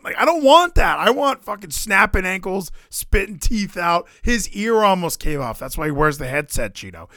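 A high-voiced man chatting on a podcast, his pitch bouncing all over as he rants. His tone is bright and sharp, and the mic sounds dry and close. He is sarcastic, and he shouts mock quotes to make a point. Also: sing-song, normal speed, hardly any pauses, no room sound. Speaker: podcast co-host. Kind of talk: casual wrestling chat.

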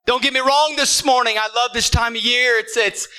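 A man with a very high, bright, ringing voice preaches to his church. He is emphatic and swings between shouted declarations and quieter, lower moments. He often stumbles over repeated words as he starts a new thought. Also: steady tone, brisk, clean tone, poor audio. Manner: emphatic preaching, builds to shouts and drops low. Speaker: pastor. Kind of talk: sermon. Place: church service with congregation.

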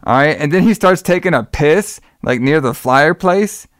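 A man whose voice sits a little high sounds expressive and somewhat bright, talking at a normal pace with no room sound in a studio-quality recording. He wanders through a film's plot in a laid-back chat and acts out its dialogue. His talk is full of "all right."

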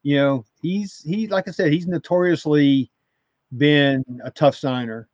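High-voiced man ranting on a lo-fi mic. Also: measured pace, a little mellow, dry recording. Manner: opinionated, ranting, hesitant restarts. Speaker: podcast co-host. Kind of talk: casual chat about racing. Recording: slightly dull lo-fi audio.

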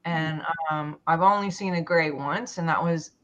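A woman telling a personal story in a conversation, halting and full of fillers and restarts. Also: sits low. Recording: dull lo-fi sound.

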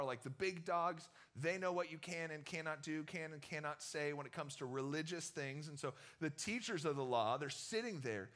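Young man, youth pastor; high, bright tone; casual, chatty sermon delivery. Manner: chatty, storytelling, many fillers. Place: church.

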